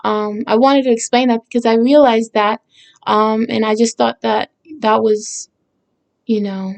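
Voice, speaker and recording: A woman's voice: on the high side, steady tone, measured pace, gravelly, a little mellow. A woman songwriter talking casually about her own song, hesitant and searching for words with many fillers and restarts, earnest and reflective. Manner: reflective and earnest, with short laughs.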